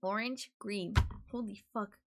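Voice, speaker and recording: A woman's voice: mid-range voice, fairly even intonation, unhurried, fairly bright tone, soft background music. A young woman streamer chatting casually at home, swearing a lot and laughing often. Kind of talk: casual chat.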